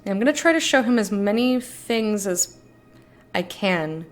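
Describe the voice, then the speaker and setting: A woman's voice: medium pitch, lively intonation, a little slow, soft background music. A young woman casually commenting on a video game as she plays, reading its dialogue aloud between her own thoughts. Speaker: streamer. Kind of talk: casual let's-play commentary.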